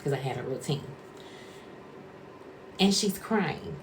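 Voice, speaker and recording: Slow but animated, a woman with a bass voice recounts a rambling story in conversational style, acting out the quotes. She's a former caregiver who vlogs, this is a casual storytelling vlog, and there's slight background noise.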